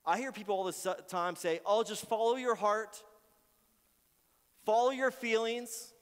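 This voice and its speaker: High-voiced preaching pastor in a reverberant hall. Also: male voice, fairly even intonation, unhurried, clean tone. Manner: earnest, shifts between quiet prayers and loud pleading. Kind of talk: sermon. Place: church sanctuary.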